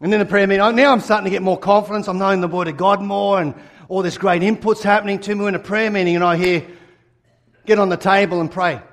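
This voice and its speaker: A pastor telling a personal story in a sermon, animated and acting out his own replies. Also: high-pitched, fast talker.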